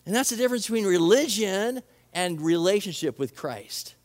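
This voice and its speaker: A man with a high voice for his sex preaches a sermon to his congregation. He talks in an earnest, conversational way, leaning on repetition to drive points home. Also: animated, moderate pace. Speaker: pastor.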